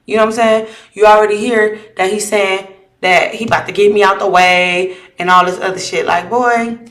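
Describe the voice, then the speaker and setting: A woman's voice: mid-range voice, steady tone, moderate pace, a bit bright. A woman vlogger talking casually to her viewers, reading messages aloud and retelling an argument in a blunt, heated way with frequent swearing. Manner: reads messages aloud and asks viewers for judgment. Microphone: camera or phone mic while live.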